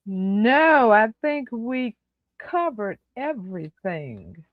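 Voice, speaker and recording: A woman's voice: on the high side, very animated, very slow, dry recording. A woman calling in to a live stream, chatting casually and telling a story in a friendly, talkative way. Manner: chatty, addresses the host as "girl". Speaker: call-in guest on a live stream. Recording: tinny phone line.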